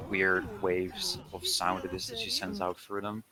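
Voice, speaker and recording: A man's voice: low-pitched, completely flat delivery, measured pace, crowd noise. A man casually commentating a speedrun, thinking aloud and speculating with hesitant fillers.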